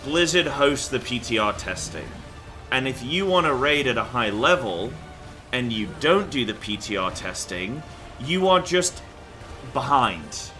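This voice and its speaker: Bright-voiced male streamer rambling casually. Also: mid-range voice, very animated, measured pace, faint music behind. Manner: rambling, loose, with fillers and swearing. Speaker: game streamer. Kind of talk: casual live-stream chat.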